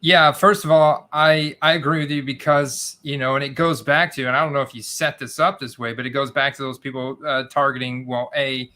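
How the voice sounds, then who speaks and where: Bright-voiced man hosting a casual chat. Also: mid-range voice, fairly even intonation, brisk, hardly any pauses. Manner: rambling, stacks asides with 'you know' and 'uh'. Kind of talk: casual live-stream chat.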